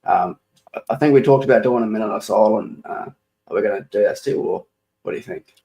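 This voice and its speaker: Male co-host, lowish voice, quiet and hesitant, laid-back banter. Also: brisk, creaky. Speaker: co-host on the livestream. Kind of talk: casual livestream chat.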